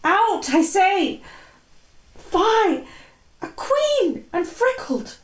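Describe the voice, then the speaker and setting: A woman's voice: fairly high pitch, animated, slow pace, reverberant, distant mic. An actress playing a haughty, proud queen with commanding, declamatory Elizabethan stage delivery. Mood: sleepwalking.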